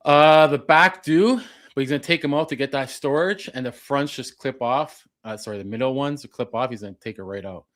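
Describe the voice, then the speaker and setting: A man chatting on a trade podcast, dropping quick agreeing replies and describing a work van setup. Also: mid-range voice, fairly bright tone. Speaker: podcast co-host, HVAC technician. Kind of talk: casual chat.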